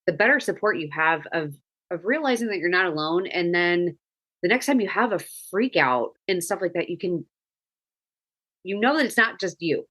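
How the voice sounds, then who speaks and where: A woman's voice: on the low side, animated, normal speed, a bit bright. A woman in her thirties hosting a podcast, a mother talking earnestly and reflectively, often restarting her sentences. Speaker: podcast host. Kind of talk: casual chat.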